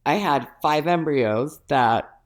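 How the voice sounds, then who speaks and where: A young woman, a podcast guest, chatting casually over a remote call and telling her story with animated, acted-out quotes. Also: low-pitched, slow pace. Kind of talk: casual chat.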